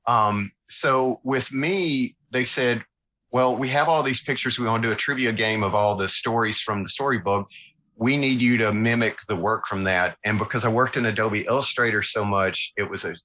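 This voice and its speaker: A man with a Southern American drawl tells lively stories from his career as an interview guest. His voice is bright and forward, and he often pokes fun at himself along the way. Mid-range in pitch, he speaks in a relaxed, chatty way. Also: low-quality recording. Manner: animated anecdotes with self-mocking asides. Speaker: illustrator guest. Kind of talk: casual storytelling interview.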